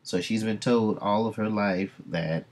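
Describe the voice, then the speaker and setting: A man's voice: lowish voice, unhurried. A man casually recapping a comic on a livestream, retelling scenes with "she's like". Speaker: comic book reviewer.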